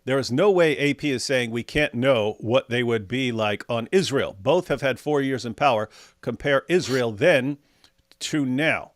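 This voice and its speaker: A man's voice: medium pitch, measured pace, no echo, studio quality. A man hosting a casual livestream conversation, talking in a sarcastic, joking way. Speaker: host.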